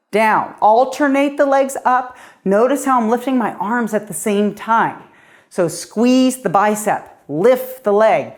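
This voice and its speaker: A middle-aged female fitness coach with a medium-pitched voice leads a guided workout, upbeat and encouraging, and a little out of breath since she's exercising along.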